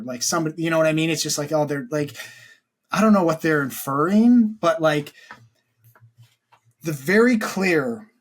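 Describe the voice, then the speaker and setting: A man co-hosting a film podcast, talking casually and earnestly, full of "like" and restarts. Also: a little high. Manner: rambling, heavy use of "like", earnest. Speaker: podcast co-host.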